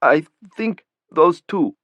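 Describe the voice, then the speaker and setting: A man voicing a shaky young captive, high and strained. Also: expressive, slow, dry recording. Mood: nervous. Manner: shaky, trembling. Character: young frightened male computer operative. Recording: dull lo-fi, dry.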